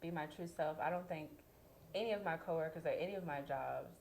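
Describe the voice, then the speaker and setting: A woman's voice: low-pitched, a little fast, gravelly, darkish tone, slight background noise. A young adult woman speaking frankly on a panel, conversational, acting out what others say to her. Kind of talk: candid panel discussion.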